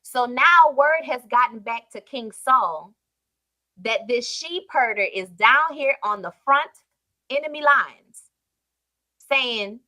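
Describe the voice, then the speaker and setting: A woman preacher retelling a Bible story in a sermon with emphatic storytelling and sudden swings in loudness. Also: fairly high pitch, animated, slow pace.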